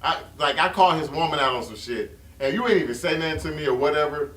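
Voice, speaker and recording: A man's voice: on the high side, lively intonation, quick pace, a bit bright. A man in a casual podcast chat, talking bluntly and profanely in an offhand way. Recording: roomy, distant mic, faint noise.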